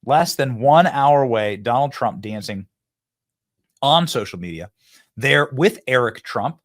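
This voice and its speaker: A man hosting a political commentary show, hyped and quick, often tripping over and repeating his words. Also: medium pitch, lively intonation, no room sound, clean studio sound.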